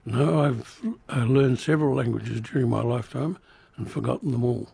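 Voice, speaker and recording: A man's voice: mid-range voice, normal speed, creaky, warm tone, husky, no room sound. An older man, recalling his childhood in an oral history interview with dry humour. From Indonesia. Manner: reflective, dry humour, some restarts.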